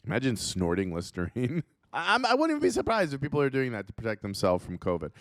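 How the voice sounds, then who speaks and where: A man's voice: wildly swooping pitch, fast, dry recording, studio quality. A comedian host riffing casually, joking and laughing at his own bits. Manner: jokey, laughs at his own bits, jumps into silly high voices.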